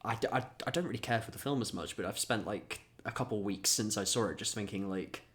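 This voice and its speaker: Lowish voiced guy rambling on a podcast, pushing his mates for stories. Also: quick pace, a bit bright. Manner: rambling, hesitant, prods others for stories. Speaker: podcast co-host. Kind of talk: casual chat.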